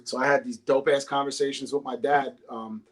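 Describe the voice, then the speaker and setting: Talking into a phone a little fast, a podcast guest who works as a rapper and English teacher has a mid-range voice with fairly even intonation. He chats loosely, swearing heavily as he tells his stories.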